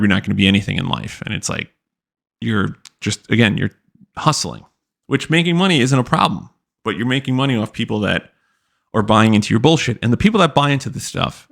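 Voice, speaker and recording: Brief: young male podcast host, low and gravelly, loose profane rant. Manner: loose, profane, lots of "like" fillers. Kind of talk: casual commentary rant.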